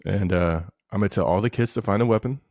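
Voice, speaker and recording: Man, 30s, deep dry voice, profane rambling podcast co-host. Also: quick pace, no echo. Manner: profane, rambling, animated storytelling. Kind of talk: casual banter.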